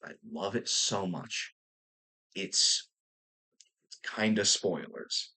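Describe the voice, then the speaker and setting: A man's voice: low voice, takes it slowly, pushed and bright, breathy edge. A young man talking casually and enthusiastically about a film, rambling with fillers and restarts and casual swearing. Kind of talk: casual movie review vlog.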